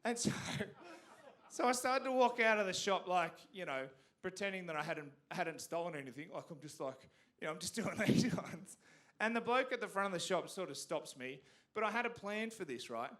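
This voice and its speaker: Australian man, stand-up comedian, theatre stage mic, lively swooping delivery, bright tone. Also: high voice, fairly quick. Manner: animated storytelling with sudden loud punchlines.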